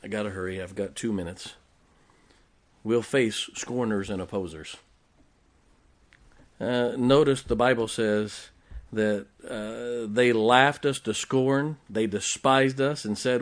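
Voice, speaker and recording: A man's voice: medium pitch, slow, long pauses. A man preaching a sermon as pastor, emphatic, with rhetorical questions, joking asides and check-ins with the congregation.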